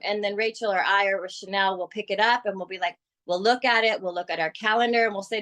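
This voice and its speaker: A woman's voice: mid-range voice, a little fast. A woman coaching her sales team on a group call, talking with energy and persuasion. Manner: energetic, persuasive, acts out quoted clients.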